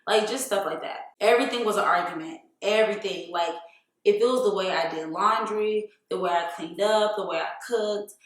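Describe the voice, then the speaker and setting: A woman's voice: mid-range voice, normal speed. Frank woman vlogging in a very echoey room. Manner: frank, profane, filler-heavy "like" talk. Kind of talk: candid storytime vlog.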